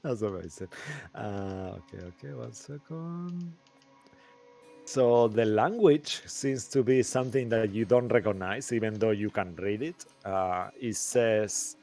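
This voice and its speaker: Slow, hesitant male game master. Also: lowish voice, gravelly, mellow, soft background music. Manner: slow, hesitant, many ums and pauses. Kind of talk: narrating a tabletop game.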